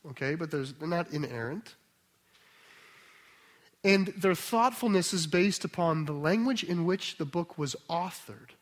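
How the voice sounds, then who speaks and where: A man's voice: on the high side, a bit bright. Emphatic man teaching a sermon. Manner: conversational, emphatic, checks in with "okay?". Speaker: pastor.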